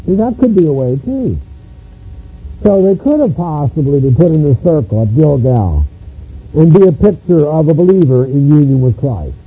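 Guy preaching a sermon, high lively voice, repeats stuff for emphasis, muffled lo-fi tape w hum. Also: moderate pace, slightly rough. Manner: emphatic, repeats phrases for stress. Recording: muffled lo-fi recording with mains hum.

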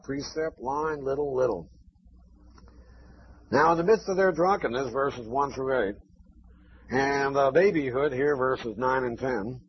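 Husky preacher, dull lo-fi recording. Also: male voice, fairly high pitch. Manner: emphatic, repeats phrases in a rising chant. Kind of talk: sermon.

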